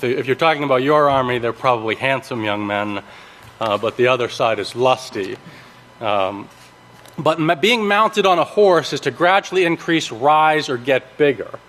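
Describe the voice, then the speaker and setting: A man giving a sermon, teaching from scripture in a halting way with many ums, restarts and checks of "okay?". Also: mid-range voice, fairly bright tone. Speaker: preacher. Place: large worship hall. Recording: long reverb of a large hall.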